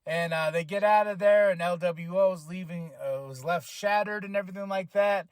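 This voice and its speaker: A man hosting a podcast, casually recapping a wrestling show, excitable, laughing often, swearing and acting out what people said. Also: high voice, moderate pace, clean tone, no room sound, clean studio sound. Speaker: podcast host.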